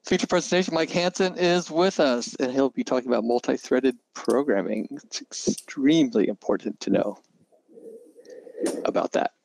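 A man hosting a programming webinar, joking with deadpan banter and running through the house rules. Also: mid-range voice, normal speed, vocal fry, low-quality recording. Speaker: host of a programming webinar show. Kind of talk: casual chat, reading house rules.

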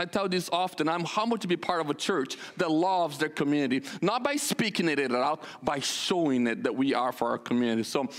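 Male pastor, high-pitched, animated storyteller with frequent restarts, casual pulpit talk. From Brazil. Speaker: senior pastor. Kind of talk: casual sermon announcements.

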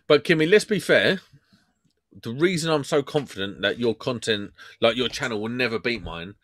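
A man's voice: mid-range voice, animated, normal speed, a bit bright. A man, co-hosting a podcast and ribbing his co-hosts with playful jabs. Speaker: podcast co-host. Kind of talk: casual podcast banter.

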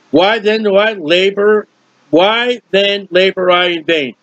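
A man preaching a verse-by-verse Bible teaching, animated and questioning his listeners. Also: high voice, takes it slowly, no room sound. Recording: dull lo-fi dry recording.

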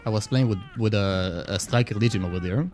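A man streaming a game live, chatting casually with viewers, excitable and swearing freely. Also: lowish voice, fairly quick, slight background noise.

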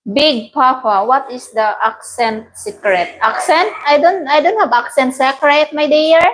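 A woman's voice: high voice, slight background noise, rough recording. A Filipino woman hosting a casual livestream, chatting, laughing often and greeting viewers by name. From Philippines. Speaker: livestream host. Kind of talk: casual livestream chat reading viewer comments.

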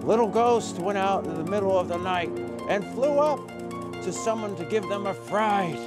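A man's voice: high voice, expressive, normal speed. Playful man reading a children's book. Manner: playful, chatty asides, sound effects. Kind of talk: children's book read-aloud. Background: loud music.

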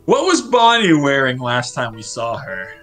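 A man's voice: medium pitch, wildly swooping pitch, unhurried, a bit bright, soft background music. A man co-hosting a casual podcast, teasing and joking with his partner. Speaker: podcast co-host. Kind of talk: casual chat.

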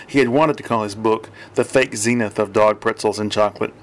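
A man reading an audiobook in dry, even scripted narration. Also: on the low side, brisk, hardly any pauses.

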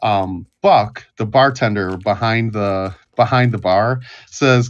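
A man narrating as game master of a tabletop game, halting with frequent restarts. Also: fairly low pitch. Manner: halting, many restarts and fillers. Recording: dull lo-fi audio.

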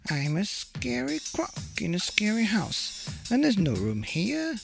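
A man's voice: high voice, huge pitch swings, slow pace, gravelly, music in the background, pitched above the performer's own voice, full character voice. A man reading aloud, voicing a bossy, snappish male crocodile in a storybook. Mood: boastful. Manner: snappish, boastful.

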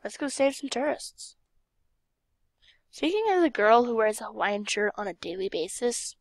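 Young female let's-player, excitable, chatty, dips into whispers; high, lively voice, dry close mic. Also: moderate pace, no room sound. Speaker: gaming channel host. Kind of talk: casual game commentary.

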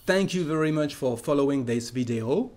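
A man teaching a language lesson, patiently repeating each phrase slowly and then fluently. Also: on the high side, animated, a little mellow. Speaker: French teacher.

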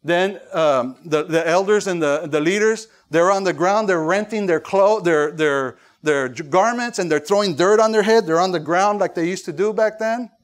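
A man preaching a sermon as pastor, animated, acting out voices, with fillers and restarts. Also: sits high, moderate pace, few pauses.

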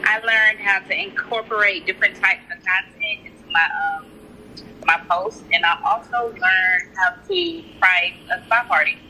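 A woman's voice: mid-range voice, expressive, normal speed, sharp tone, a little hiss or hum, rough recording. A woman on a video call answering a question, hesitant and thinking as she speaks.

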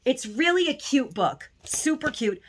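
A woman's voice: sits high, big pitch swings, measured pace, breathy edge. A woman chatting casually in a haul video, gushing and emotional, sometimes close to tears. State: tearful at times. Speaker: haul vlogger.

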